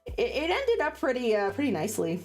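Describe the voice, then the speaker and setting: Giggly, animated woman streamer. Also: a little high, a little fast, soft background music. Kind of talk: casual chat on a livestream.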